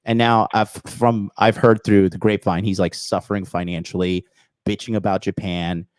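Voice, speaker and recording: A man's voice: lowish voice, little pitch movement, normal speed, no echo. A man hosting a call-in dating advice show, talking bluntly and profanely in a lecturing way. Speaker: dating coach host.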